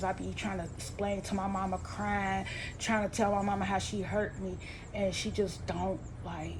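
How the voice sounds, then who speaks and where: Woman venting emotionally in a rambling vlog. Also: background noise. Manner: rambling and heartfelt, with many restarts and fillers; voice rises and tightens when upset, falls soft and low when sad. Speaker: vlogger. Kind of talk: emotional personal storytelling to camera.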